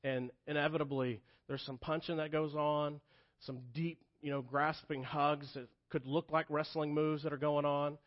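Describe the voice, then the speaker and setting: Earnest pastor preaching, slightly high voice. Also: male voice, level tone, moderate pace, highs cut off. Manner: earnest storytelling, drops soft and quiet for tender moments. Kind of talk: sermon. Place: church sanctuary.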